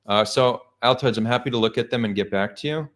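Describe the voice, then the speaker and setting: A man's voice: mid-range voice, fast, fairly bright tone. A man hosting a live stream, talking casually and skeptically, thinking aloud with frequent restarts. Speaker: streamer host.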